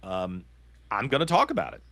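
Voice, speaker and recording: A man's voice: lowish voice, wildly swooping pitch, fairly quick, creaky, pushed and bright, dry recording. A middle-aged man from Virginia hosting a political talk show, ranting with indignant passion. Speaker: podcast host.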